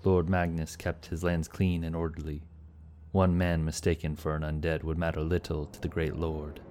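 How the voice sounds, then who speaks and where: A man giving steady, scripted narration of a fantasy adventure story. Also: rumbling low, normal speed.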